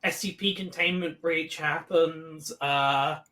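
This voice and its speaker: A man's voice: fairly high pitch, fairly even intonation, slow pace, sharp tone. A man co-hosting a podcast recap in casual chat, swearing freely and laughing often. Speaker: podcast co-host.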